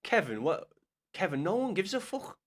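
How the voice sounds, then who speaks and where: A man's voice: high voice, very animated, normal speed. A young man chatting on a gaming livestream, answering his chat with blunt, sweary banter.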